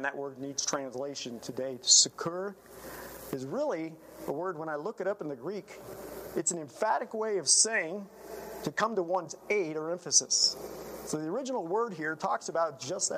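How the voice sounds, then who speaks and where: A man's voice: fairly high pitch, a bit bright, slight background noise, poor audio. A man preaching a sermon in an earnest, emphatic manner, often letting his phrases trail off.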